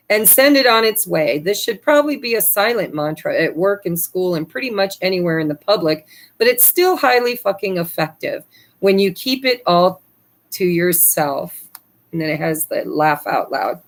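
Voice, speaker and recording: A woman hosting a casual tarot card reading for her viewers, cheeky and laughing often, swearing freely. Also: lowish voice. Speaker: tarot reader.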